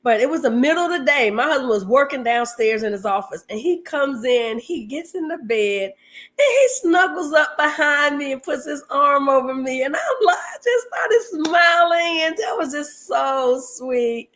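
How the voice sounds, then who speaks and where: A woman co-hosting a marriage talk show, telling stories straight to her listeners in a lively way, a bit congested from a cold. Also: sits high, normal speed. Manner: lively storyteller, addresses listeners directly. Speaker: marriage podcast co-host. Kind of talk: casual chat to listeners.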